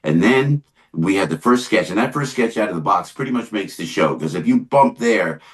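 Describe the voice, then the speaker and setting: An older man, a comedian guest on a chat show, telling show-business stories in a lively, rambling way with many restarts and quick agreements. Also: low voice. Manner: animated, lots of yeahs and restarts. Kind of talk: casual chat, storytelling.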